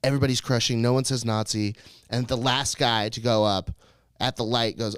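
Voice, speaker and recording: A man co-hosting a podcast, telling a story in a casual and animated way, swearing a lot and putting on other people's voices in quotes. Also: mid-range voice, brisk, smooth, no room sound. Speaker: podcast co-host.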